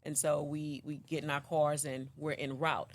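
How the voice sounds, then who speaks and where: A woman, the mother of a young man, recounting in an interview what happened, with many pauses and restarts. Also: low-pitched, flat delivery, slight background noise. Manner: halting, many ums and restarts. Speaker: mother of the accused.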